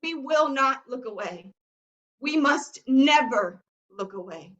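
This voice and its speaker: A woman's voice: sits high, expressive, slow, a bit bright, lo-fi sound. A woman poet performing spoken-word poetry over a video call, impassioned and rhythmic, repeating her phrases.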